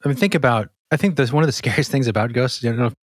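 A man co-hosting a podcast talks fast in casual chat, thinking aloud with plenty of fillers. His voice is mid-pitched and sounds dry and close to the mic. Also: husky, no echo. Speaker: podcast co-host.

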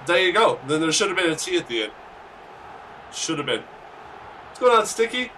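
A man streaming a football game, chatting casually, yelling at his players and swearing. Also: fairly high pitch, fairly quick, distant mic, slight background noise. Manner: excitable, yells at players, swears. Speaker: gaming streamer. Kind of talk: casual gaming commentary.

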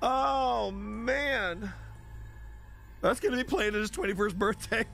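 A man's voice: high-pitched, animated, takes it slowly, vocal fry, a bit bright, a little hiss or hum. A man hosting a stream, casually reading weird news stories aloud and rambling through them with frequent laughs and restarts. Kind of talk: casual commentary.

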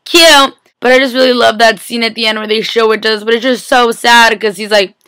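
A woman's voice: fairly high pitch, steady tone, brisk, sharp tone, clean tone, no room sound. A young woman vlogger rambles through a TV episode recap late at night, sleepy and giggly, saying "like" constantly, recorded on a laptop webcam. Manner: rambling, giggly, heavy use of "like". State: sleepy, filming at four a.m. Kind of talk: casual chatty recap. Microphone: laptop webcam mic.

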